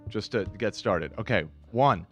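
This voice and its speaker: A man, the show's producer, making an upbeat, list-style pitch in casual podcast talk on a studio mic. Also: lively intonation, unhurried, slightly rough, faint music behind. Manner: upbeat, listing points like a sales pitch.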